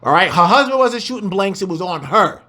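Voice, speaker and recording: A man teaching from the Bible. He reads scripture slowly and drawn out, then breaks into blunt, profane, slangy commentary. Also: high voice, expressive, pushed and bright. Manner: blunt, profane, slangy asides between slow, drawn-out readings.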